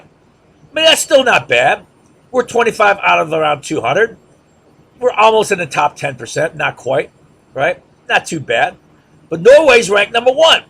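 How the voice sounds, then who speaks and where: Man, lecturer, husky gravelly high voice, mocking rhetorical style. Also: a bit bright. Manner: sarcastic, mocking chants and repeated questions.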